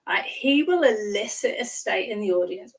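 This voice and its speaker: A woman speaking coach chatting on a video call, lively and acting out examples with little exclamations. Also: medium pitch, normal speed, far from the mic, low-quality recording. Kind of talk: casual chat on a live stream.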